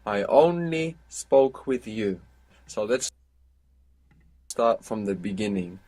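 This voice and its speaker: A man teaching Spanish in a live online lesson, explaining patiently and slowing down to dictate phrases. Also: fairly low pitch, lively intonation, darkish tone. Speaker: Spanish tutor.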